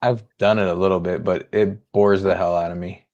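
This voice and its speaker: Low-voiced guy hosting a stream, blunt, just rambling a story. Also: steady tone, a little fast, a little mellow, dull audio. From Las Vegas area. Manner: laid-back, storytelling, blunt. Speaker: host. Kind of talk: casual chat.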